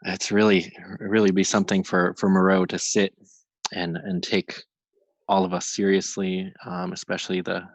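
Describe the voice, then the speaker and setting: A man making a halting, rambling public comment at a council meeting over a remote line. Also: low-pitched, little pitch movement, no echo, rough recording. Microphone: remote call-in.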